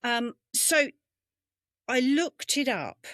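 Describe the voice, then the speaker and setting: An English woman with a British accent hosts a relaxed storytelling chat, drifting and correcting herself as she goes. Her pitch roams freely while her pace stays slow and easy. The sound is dry and close, as from a webcam on a video call. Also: no echo. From England. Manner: meandering, self-correcting, unhurried. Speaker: podcast co-host. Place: home room on a video call. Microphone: webcam mic.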